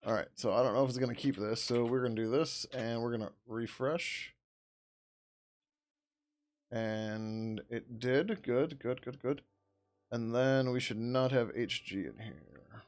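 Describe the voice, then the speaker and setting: A man's voice: medium pitch, a little slow. A man chatting casually on a live stream while he works on code, reading out and answering chat questions and laughing often. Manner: drops into a loud joking whisper. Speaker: open-source developer streaming.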